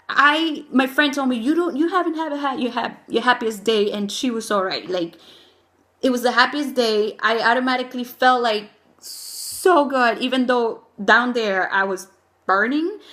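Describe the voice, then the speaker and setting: A young woman casually telling a personal story, animated and gushing, with lots of "like" and "oh my God" fillers. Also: on the high side. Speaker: new mother telling her birth story.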